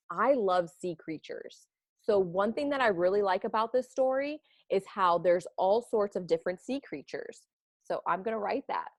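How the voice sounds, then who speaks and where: Female teacher, children's lesson, animated with bursts of excitement, mid pitch, dry close sound. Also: no room sound. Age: adult, parent of children. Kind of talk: read-aloud lesson for children.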